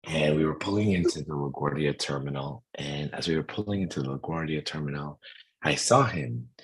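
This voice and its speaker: A middle-aged man with a hoarse voice, telling a story in a casual, animated way and acting out the people in it. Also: extremely low pitch. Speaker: host.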